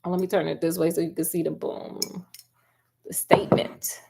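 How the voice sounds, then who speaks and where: A woman giving a chatty, animated casual film review, talking straight to her viewers. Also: on the low side, fast, gravelly, very noisy. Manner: animated, chatty, calls viewers girl and honey.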